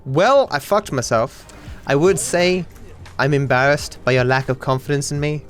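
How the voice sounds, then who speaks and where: A young Australian man giving casual commentary over a speedrun, sarcastic and self-deprecating, with sudden excited outbursts. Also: fairly high pitch, normal speed, faint music behind. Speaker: speedrunning streamer.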